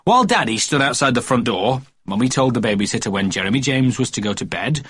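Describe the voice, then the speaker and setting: A man narrating a children's storybook with expressive cadence. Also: medium pitch, fast talker, breathy edge, dry recording. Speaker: audiobook narrator.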